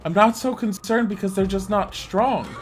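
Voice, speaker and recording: A man live-streaming a video game from his home, chatting casually, rambling and laughing, with bursts of swearing and excitement. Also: sits high, moderate pace, over music. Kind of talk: casual live-stream chat over gameplay.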